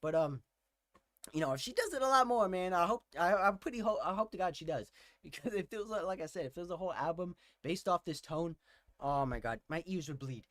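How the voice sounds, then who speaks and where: A man with a fairly high voice hosts a casual album reaction, talking with excited energy and gushing over what he hears. His exclamations tumble out again and again. The sound is dry and close, with no room around it. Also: a little fast, no room sound. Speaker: music reaction host.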